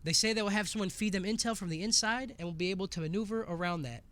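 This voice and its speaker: A man's voice: high voice, quick pace, fairly bright tone. A man co-hosting a casual podcast, recapping anime episodes with crude jokes and lots of swearing. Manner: crude, joking, swears a lot.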